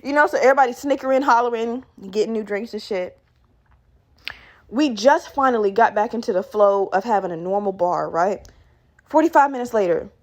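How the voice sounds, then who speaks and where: A woman hosting her own podcast, telling a story in a profane, animated way and laughing as she talks. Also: on the high side. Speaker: podcast host.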